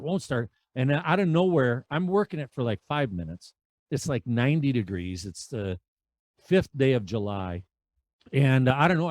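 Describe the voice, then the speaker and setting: A man in his fifties telling road stories as a podcast guest, animated and acting out the dialogue. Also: medium pitch, no room sound. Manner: animated storyteller who acts out dialogue. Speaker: podcast guest, veterans' charity rider. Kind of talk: conversational storytelling.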